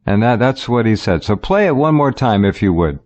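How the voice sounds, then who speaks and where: A man's voice: fairly low pitch, sing-song, fairly quick, darkish tone. A man hosting a radio talk show, chatting casually and often repeating words as he starts a sentence. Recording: dull lo-fi audio.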